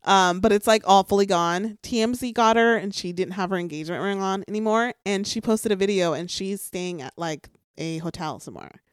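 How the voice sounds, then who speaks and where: A woman's voice: medium pitch, fairly quick, hardly any pauses, clean tone, no room sound, clean studio sound. A young woman co-hosting a podcast, casually recapping reality TV gossip in a chatty, filler-heavy way. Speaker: podcast co-host.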